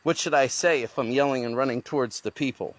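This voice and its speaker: A man's voice: medium pitch, quick pace, no room sound. A man vlogging as he hikes through the jungle outdoors, thinking aloud as he goes. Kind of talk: talking to camera while hiking. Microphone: handheld phone.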